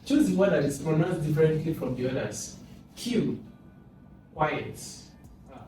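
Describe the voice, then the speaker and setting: A man's voice: fairly high pitch, animated, measured pace, warm tone. A man with a Nigerian English accent tutoring for an exam, thinking aloud and repeating sounds over and over. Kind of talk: informal exam lesson. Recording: echoey room, far from mic, music behind.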